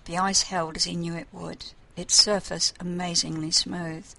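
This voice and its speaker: Narrator: woman, fairly low voice, calm measured storybook reading. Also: vocal fry, rough recording.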